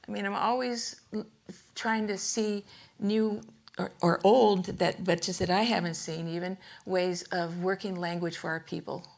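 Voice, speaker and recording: Older woman, gravelly, rambling funny lecture, laughs a lot, talks to a live audience. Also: medium pitch. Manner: chatty, laughs often, self-interrupting. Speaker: artist giving a lecture. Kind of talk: rambling humorous storytelling talk.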